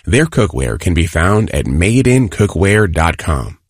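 Deep, lively male announcer. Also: measured pace, husky, no echo, clean studio sound. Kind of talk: sponsor announcement.

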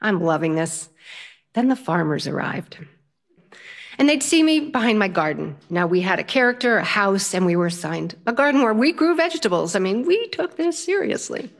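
Older woman telling a lively story. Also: medium pitch, normal speed, vocal fry. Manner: animated, laughs often through the story. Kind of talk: personal storytelling.

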